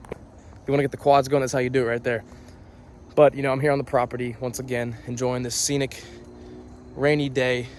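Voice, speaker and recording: A man's voice: mid-range voice, a little mellow. Young guy in his 20s rambling earnestly outside, motivational vlog vibe, keeps rephrasing stuff. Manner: earnest, repeats and rephrases points. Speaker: vlogger. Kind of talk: casual motivational talk to camera. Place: outdoors on a property on a rainy day.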